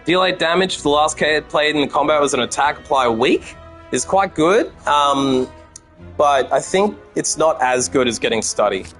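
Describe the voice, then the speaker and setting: An Australian man talks through a card game on stream in a slightly higher-pitched voice. He is casual and profane and keeps chatting with his viewers. Faint music plays underneath. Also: fairly bright tone. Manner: chatty and profane, talking to chat. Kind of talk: casual gameplay commentary.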